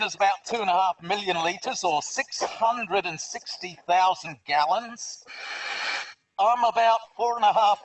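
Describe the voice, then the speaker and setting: A man's voice: sits high, a bit bright. A man with an Australian accent, presenting a live educational webinar from underwater in an aquarium, speaking through a full face mask microphone in a cheerful, chatty way. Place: underwater in a large aquarium tank. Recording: distant, muffled underwater mask mic.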